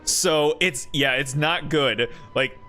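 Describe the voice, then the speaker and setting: A laid-back young man chatting over his game stream, rambling slowly from one thought to the next with plenty of filler. His voice is bright and a little high, and faint music plays behind him. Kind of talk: casual chat while gaming.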